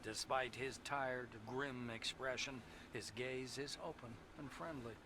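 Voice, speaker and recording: An actor reading third-person narration for a video game in an even, descriptive way. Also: male voice, medium pitch, a little slow, noisy background, natural voice. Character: calm male game narrator. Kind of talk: scripted narration.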